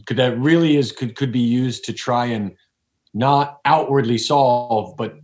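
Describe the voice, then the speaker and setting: A man's voice: medium pitch, a little slow, darkish tone. A man, a podcast guest, talking in a casual, reflective way and often restarting his sentences. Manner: rambling, reflective, many restarts. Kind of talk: casual conversation.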